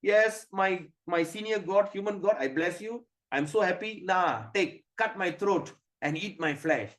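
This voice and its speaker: A man's voice: high-pitched, measured pace. A man putting on a meek chicken begging to be eaten. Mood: mock-meek. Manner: sarcastic, mock-pleading.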